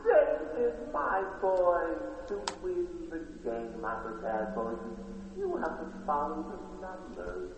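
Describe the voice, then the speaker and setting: A man plays an unseen guide in a horror game, his measured voice rising and falling. The line rings with long echo, as if in a vast hall. Faint music hums behind it. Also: a little high, big pitch swings, a little hiss or hum, full character voice. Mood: instructing. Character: unseen male game voice guiding a boy. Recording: echoey game audio with music.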